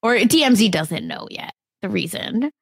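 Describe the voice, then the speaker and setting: A young woman with a light Indian accent, co-hosting a casual celebrity gossip podcast and chatting in an animated way with frequent laughs. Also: mid-range voice, moderate pace, vocal fry, husky, no room sound. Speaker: podcast co-host.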